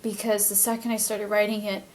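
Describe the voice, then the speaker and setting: A woman's voice: mid-range voice, flat delivery, brisk, a little mellow, a little hiss or hum. A woman vlogger telling a personal story in an earnest, emotional way, faltering and restarting often.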